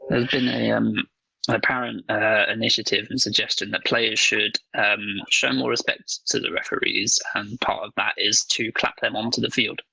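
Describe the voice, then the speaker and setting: A man's voice: fairly low pitch, flat delivery, normal speed, gravelly, bright, forceful tone, slightly rough, no room sound, rough recording. A man co-hosting a casual podcast chat, blunt and swearing freely. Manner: blunt, swears freely, acts out voices while joking. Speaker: podcast co-host.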